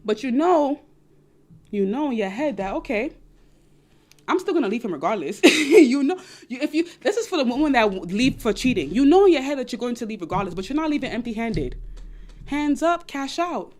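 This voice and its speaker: A young woman with a high voice and a non-American English accent, chatting casually to viewers about dating. She talks in an animated, repetitive way and often slips into quoted voices. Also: fairly quick. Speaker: dating advice vlogger. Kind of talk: casual advice chat to viewers.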